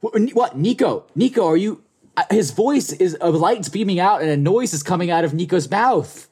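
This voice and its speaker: A man's voice: sits high, moderate pace, husky. A man co-hosting a comedy podcast, stumbling and laughing as he reads fan fiction aloud. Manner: lively, stumbling and laughing through the reading. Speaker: podcast co-host.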